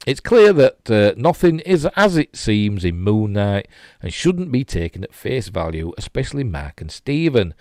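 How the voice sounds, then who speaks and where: A man's voice: on the low side, big pitch swings, moderate pace, darkish tone, no echo. A man with a Yorkshire accent hosting a geek news show, reading stories and dropping dry jokey asides. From Yorkshire, England.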